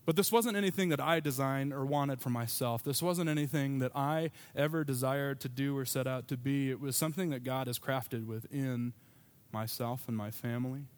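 A man's voice: medium pitch, normal speed, hardly any pauses. A pastor preaching a sermon to his congregation, telling a personal story in a conversational way with asides.

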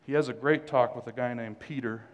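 A man's voice: mid-range voice, fairly even intonation, a little fast. Joking male pastor in reverberant church. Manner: conversational preaching with joking asides. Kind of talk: sermon. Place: church sanctuary. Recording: long hall reverb.

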